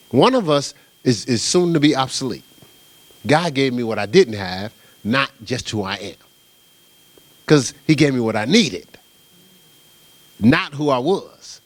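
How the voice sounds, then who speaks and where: Long pauses mark this dry recording of a middle-aged New Jersey man preaching as pastor, his medium-pitched voice measured in pace. He tells stories in an animated, casual, conversational style, leaning on a repeated "right?"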